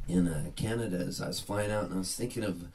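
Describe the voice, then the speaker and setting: A man's voice: low voice, quick pace, a little hiss or hum. A man telling a rambling, chuckling story at a live gig, mimicking how locals talk. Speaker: singer-songwriter. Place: private party gig. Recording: distant live mic with loud guitar.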